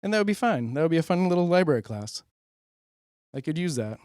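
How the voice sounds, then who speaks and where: Man, stand-up comic, deadpan, rambling, a bit high-pitched, dry close sound. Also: no room sound. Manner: deadpan, rambling, acts out characters in quick voices. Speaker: stand-up comedian. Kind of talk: stand-up comedy set.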